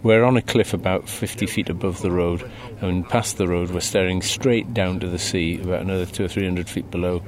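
A middle-aged man with a Geordie accent, describing the view from a clifftop during a live outdoor broadcast in a relaxed, wry way. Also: sits low, brisk, few pauses. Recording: outdoor noise around the mic.

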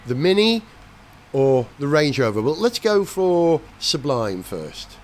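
A man's voice: on the high side, big pitch swings, slow pace, a little hiss or hum. A man hosting a casual podcast discussion, quizzing his co-hosts with playful asides. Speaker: host.

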